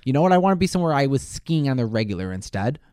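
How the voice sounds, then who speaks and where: A man co-hosting a casual podcast chat, rambling with stammered restarts, swearing freely and getting excited. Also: medium pitch, racing, smooth, no room sound, studio quality. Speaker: podcast co-host.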